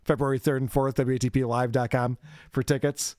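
A man's voice: mid-range voice, flat delivery, brisk, darkish tone, dry recording, studio quality. A man hosting a podcast, chatting casually and joking sarcastically. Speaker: podcast host.

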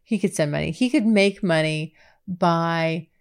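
A woman's voice: on the low side, a little slow. Candid woman podcast host, chatty and frank. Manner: candid, breathy exclamations, frequent restarts. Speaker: podcast host answering listener questions. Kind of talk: casual chat.

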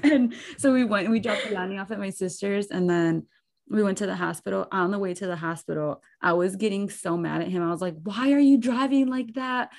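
Brisk and gravelly, this medium-pitched young woman is a podcast co-host. Her casual storytelling is chatty and animated, loaded with "like."

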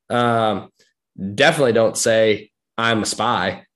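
Casual co-host, man, dry wry delivery, lots of deadpan quoted asides. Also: medium pitch, normal speed. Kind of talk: casual movie chat.

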